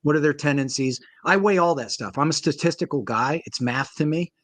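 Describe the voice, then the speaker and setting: A man, a paintball coach, talking casually in an interview and telling animated stories with acted-out quotes. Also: fairly high pitch, a little fast, dry recording. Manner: animated storyteller, acts out quoted voices.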